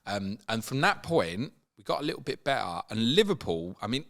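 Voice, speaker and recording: A man hosting a casual football chat, animated and swinging up high when he mimics players. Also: moderate pace. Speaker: football podcast host.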